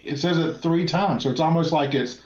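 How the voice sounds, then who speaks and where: A man's voice: fairly high pitch, brisk. An American man, a guest paranormal investigator, recounting field recordings in rambling casual chat with many restarts. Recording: echoey, dull lo-fi sound.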